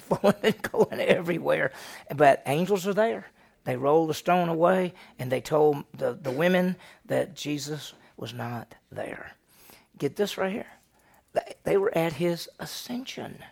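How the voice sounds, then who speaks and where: A man with a gravelly, slightly high voice teaches a Bible lesson as senior pastor. He tells the story with animation and keeps asking his listeners questions. His delivery is lively and conversational.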